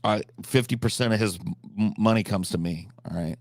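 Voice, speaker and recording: A man hosting a live stream, telling rambling, absurd comic stories with deadpan delivery and profane asides. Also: lowish voice, brisk, no echo, studio quality. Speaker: livestream host.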